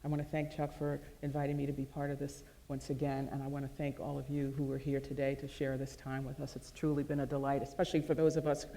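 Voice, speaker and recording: A woman's voice: rumbling low, monotone, fast talker, few pauses, mellow. A woman moderating an onstage interview, speaking in a gracious, conversational way as she thanks people and poses a closing question. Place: large event hall with audience. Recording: long hall reverb.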